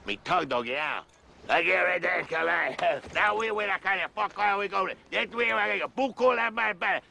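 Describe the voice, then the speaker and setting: A woman's voice: on the low side, moderate pace, vocal fry, bright, forceful tone, soft background music, full character voice. A woman imitating an old, bald, toothless man who mumbles slurred, garbled speech that is hard to understand. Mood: mumbling.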